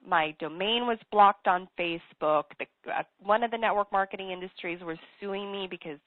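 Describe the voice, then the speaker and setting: A woman's voice: mid-range voice, moderate pace, dry recording. A woman guest, a business coach, tells her story in an interview in an earnest, emphatic way and repeats key phrases. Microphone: telephone. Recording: tinny phone line, dry.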